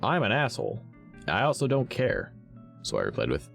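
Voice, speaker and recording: A man's voice: very animated, normal speed, gravelly, faint music behind. A man, a streamer telling a story to his chat in a blunt, profane, ranting way. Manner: blunt, profane, ranting with big swings in pitch.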